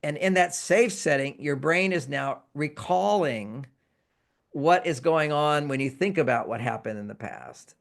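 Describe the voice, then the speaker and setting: Gravelly, higher-pitched man explaining emotions. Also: measured pace. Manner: animated, acts out example phrases in quotes. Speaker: relationship expert guest. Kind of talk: explanatory interview talk.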